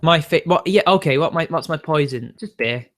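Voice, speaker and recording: A man's voice: fairly high pitch, a bit bright. Rambling man on a livestream. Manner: rambling, quick to get riled and swear. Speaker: livestreamer answering chat. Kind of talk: casual live-stream chat.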